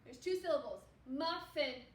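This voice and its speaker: A woman teaching a second grade phonics lesson, slowly sounding out words and praising young children. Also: high-pitched, far from the mic. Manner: slow, encouraging, sounding out words. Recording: echoey room, faint background noise.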